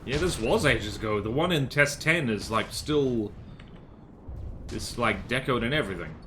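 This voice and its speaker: A man's voice: medium pitch, animated, normal speed, sharp tone, slight background noise. A man from the American South giving rambling, casual live-stream commentary on a game, full of fillers and restarts. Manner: rambling, many fillers and self-corrections.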